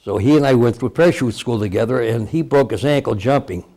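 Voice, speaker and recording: Old guy from cleveland telling war stories, raspy fry in the voice, keeps chuckling. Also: mid-range voice, fast talker, warm tone. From Cleveland, Ohio. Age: 80s. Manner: rambling storyteller, chuckles often. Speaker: veteran interviewee. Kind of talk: oral history interview.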